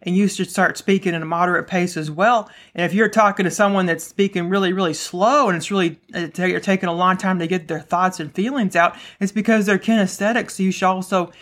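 Fast-talking woman with a stutter. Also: on the low side, steady tone, fairly bright tone. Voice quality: stutters at times. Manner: fast, stumbling speech with frequent restarts. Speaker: podcast host. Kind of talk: solo podcast monologue.

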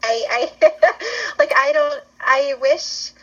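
A woman talking as a guest on a podcast about storytelling, earnest and reflective, with quick laughs. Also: high-pitched, sing-song, lo-fi sound. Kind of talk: casual conversation.

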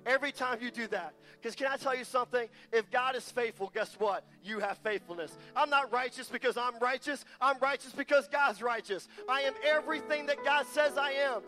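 A man's voice: very high voice, a little fast, hardly any pauses, bright, forceful tone, soft background music. A man preaching a passionate, emphatic sermon as a guest speaker, repeating lines for weight.

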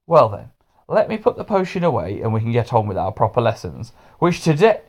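A man's voice: mid-range voice, very animated, fairly quick. A man voicing a kindly, fussy male schoolteacher with magic powers in a storybook reading. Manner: gentle, then anxious and cross.

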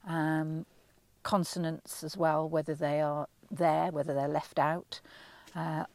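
A middle-aged woman from England speaks as a vocal coach being interviewed, explaining her work at an unhurried, thoughtful pace with plenty of ums and restarts. Her voice sits low and carries a gravelly fry. The sound is close and dry. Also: level tone, darkish tone, no echo. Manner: thoughtful and explanatory, with frequent ums and self-corrections. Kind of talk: relaxed interview answers.

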